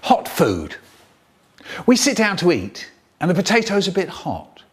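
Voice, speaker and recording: A man telling a comic family story, acting out the children's shouts in an animated way. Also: high-pitched, a little slow, breathy edge.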